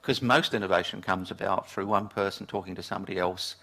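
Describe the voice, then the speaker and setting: A man's voice: low voice, fast talker, bright, forceful tone. An older man from England giving a storytelling keynote talk to a live audience, chuckling at his own anecdotes. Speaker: keynote speaker. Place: lecture room with audience.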